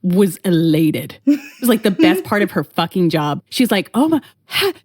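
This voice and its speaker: A woman co-hosting a podcast in casual chat, animated and storytelling, swearing freely and acting out quotes. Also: fairly low pitch, moderate pace, dry recording, clean studio sound. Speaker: podcast co-host.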